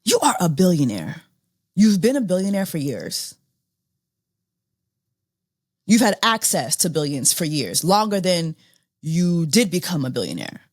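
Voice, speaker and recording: Incredulous woman podcaster, lively pitch. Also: moderate pace, no room sound, studio quality. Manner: exasperated, incredulous, repeats herself, laughs often. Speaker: podcast host. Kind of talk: casual commentary.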